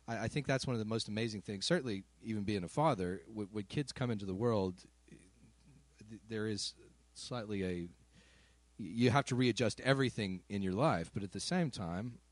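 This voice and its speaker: A man moderating a panel, asking a question in a halting way with stammered restarts. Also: fairly low pitch, dry recording. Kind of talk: casual church discussion.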